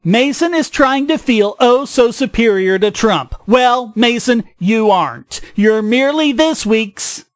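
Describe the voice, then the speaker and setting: A man's voice: extremely high pitch, lively intonation, measured pace, hardly any pauses, dry recording, studio quality. Sarcastic ranting male podcast host. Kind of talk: scripted opinion commentary.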